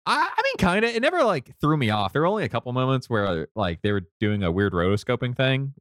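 A man's voice: medium pitch, very animated, fast talker, fairly bright tone. A man hosting a casual film podcast, making wry jokes. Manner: wry, joking.

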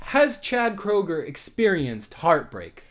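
A man acting as interviewer in a mock-serious comedy chat. His voice is high for a man and swings widely in pitch, while he keeps his questions earnest and deadpan. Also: slow.

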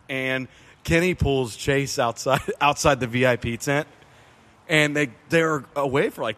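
A man hosting a casual beer podcast, telling a story and laughing often. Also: mid-range voice. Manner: laughing storyteller, lively delivery. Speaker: podcast host. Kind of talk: casual chat.

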